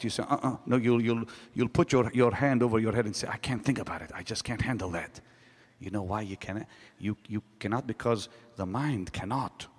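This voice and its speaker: A man preaching a sermon to a congregation, emphatic, swinging from loud rising questions to low quiet statements. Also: long reverb tail. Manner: emphatic preaching with sudden rises and drops. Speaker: pastor. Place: large hall.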